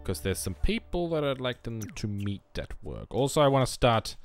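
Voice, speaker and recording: With faint music in the background, a young man in a mid-range, sing-song voice talks at a moderate pace. He offers easygoing let's-play commentary on a life-sim game, chatting with his characters and teasing himself.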